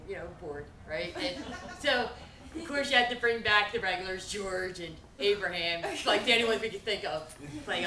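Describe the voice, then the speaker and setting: A woman's voice: mid-range voice, moderate pace, a crowd in the background. A young woman doing stand-up at a fundraiser, rambling through funny stories and laughing as she goes. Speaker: stand-up comedian. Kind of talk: stand-up storytelling. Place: event venue. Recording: echoey room, far from mic, loud noise.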